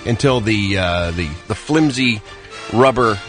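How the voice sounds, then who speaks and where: A man's voice: lowish voice, animated, measured pace, a bit bright, soft background music. A man giving an entertainment news segment on morning radio, wry and sarcastic as he tells his stories. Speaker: entertainment reporter.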